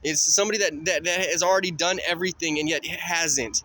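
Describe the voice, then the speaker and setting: A man's voice: on the high side, fairly even intonation, fairly quick, sharp tone, no room sound. A man vlogging as he walks a city street at night, rambling and swearing in a stream of thought. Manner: rambling, profane, stream of consciousness. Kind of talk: rambling night walk vlog. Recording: faint street noise and passing cars.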